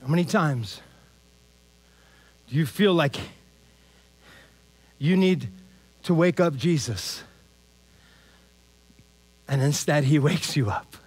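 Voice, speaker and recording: Male pastor, high voice, casual animated sermon delivery, keeps checking in with the crowd. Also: slow, long pauses, slightly rough. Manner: animated, repeats "man" and "all right?".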